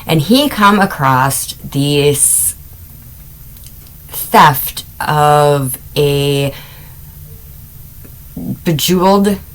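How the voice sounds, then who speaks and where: Casting note: middle-aged woman, podcast host, unhurried chatty storytelling, lower voice. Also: low-quality recording. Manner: chatty, wandering asides, amused laughs. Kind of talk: casual true-crime podcast storytelling.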